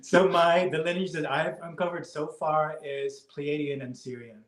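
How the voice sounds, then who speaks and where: A man in his fifties, a hypnotist guest in a casual interview chat, speaking in a relaxed way. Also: a little high, normal speed, a crowd in the background. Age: 50s. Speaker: past life regression hypnotist guest. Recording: echoey room.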